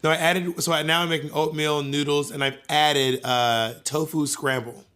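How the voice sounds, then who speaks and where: A man co-hosting a podcast, chatting casually and telling stories in an animated, playful way, swearing freely. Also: fairly high pitch, moderate pace, clean tone. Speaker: podcast co-host. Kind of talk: casual chat.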